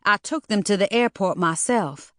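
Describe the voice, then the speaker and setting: Woman voicing a sharp, urgent mother. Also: mid-range voice, normal speed, no echo, clean studio sound, close to an everyday voice. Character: worried, determined mother confronting a girl.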